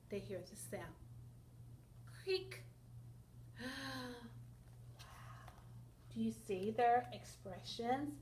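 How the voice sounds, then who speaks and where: Slow, expressive woman reading to kids. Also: fairly high pitch. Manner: expressive, asks listeners questions, sound effects. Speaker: teacher reading a picture book to children. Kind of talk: children's read-aloud lesson. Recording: echoey room with faint noise.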